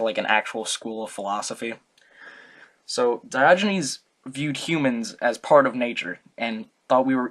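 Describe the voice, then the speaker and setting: A man's voice: mid-range voice, fairly bright tone. A young man giving a casual, comic student talk, rambling, joking and correcting himself as he goes. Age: young adult. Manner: rambling, jokey, self-correcting. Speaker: student presenter.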